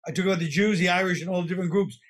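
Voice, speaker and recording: A man's voice: high-pitched, fairly even intonation, rapid-fire. A man, chatting as a comedian guest, wry and rambling, often trailing off mid-sentence. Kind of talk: casual podcast chat.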